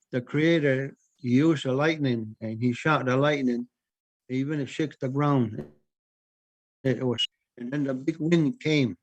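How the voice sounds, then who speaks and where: A man's voice: mid-range voice, no room sound, low-quality recording. Man telling a traditional story, dry close mic. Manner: unhurried, repeats words for emphasis, with pauses and fillers.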